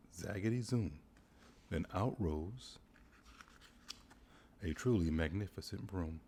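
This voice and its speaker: A man reading a rhyming bedtime storybook aloud in a gentle, rhythmic way. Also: low voice, vocal fry, a little hiss or hum.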